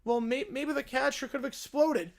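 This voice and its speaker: A woman's voice: sits high, moderate pace, gravelly. A woman doing a bumbling cartoon lawyer. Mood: flustered. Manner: fumbling, improvising excuses. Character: bumbling down-on-his-luck male cartoon lawyer.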